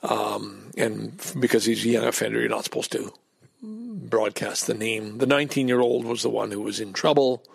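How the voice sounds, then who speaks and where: A man's voice: lowish voice, lively intonation, normal speed, creaky, breathy edge, dry recording. A man hosting a podcast, telling a rambling story in a casual monologue, with frequent restarts and blunt swearing. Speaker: podcast host.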